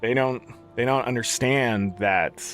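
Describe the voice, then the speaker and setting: A man's voice: medium pitch, a little slow, a bit bright, faint music behind. A man giving a casual, profane, exasperated gaming rant as a content creator.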